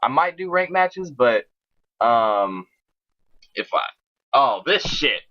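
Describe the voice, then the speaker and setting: A young man casually commentating his own strategy game match, swearing often and getting excited as he talks to viewers. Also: medium pitch, slow, muffled recording.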